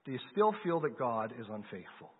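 A man's medium-pitched, husky voice moves briskly with a sing-song quality as he preaches a sermon. He narrates a Bible story conversationally and poses questions to listeners, on lo-fi, phone-like audio with long hall reverb.

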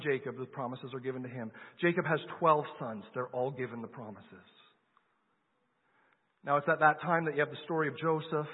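Husky man preaching in an echoing hall. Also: fairly high pitch. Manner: conversational storytelling, asks the audience questions. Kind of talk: sermon. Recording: lo-fi phone-like sound with long hall reverb.

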